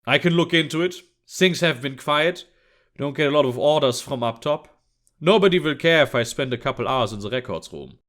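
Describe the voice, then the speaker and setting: A man's voice: mid-range voice, lively intonation, a little fast, a bit bright, natural voice. A man voicing a weary middle-aged male border policeman who talks in a tired, lethargic way.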